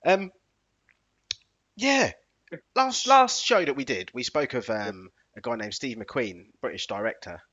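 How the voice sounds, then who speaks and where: A man co-hosting a podcast, chatting casually in animated, slangy banter. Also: medium pitch, a little slow, pauses often, muffled recording. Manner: animated, slangy banter with bursts of playful singing. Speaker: podcast co-host. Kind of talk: casual chat.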